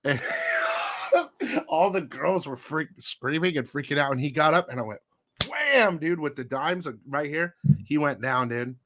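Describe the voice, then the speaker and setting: A man's voice: a little high, very animated, a little slow, pushed and bright. A man hosting a live comic book show, telling a story casually with profanity, frequent laughs and lots of "dude".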